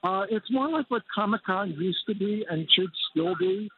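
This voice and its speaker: A man's voice: sits high, moderate pace, a little hiss or hum. Male reporter on a tinny phone line. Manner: enthusiastic, descriptive. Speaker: film critic reporting on location. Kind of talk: live field report. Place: large convention center floor.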